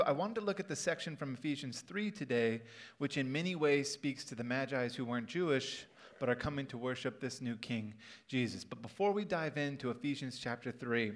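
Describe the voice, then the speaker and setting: A man's voice: medium pitch, expressive, fairly quick. Man preaching a conversational sermon. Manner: conversational, humorous storytelling. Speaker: pastor. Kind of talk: sermon with storytelling. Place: church auditorium.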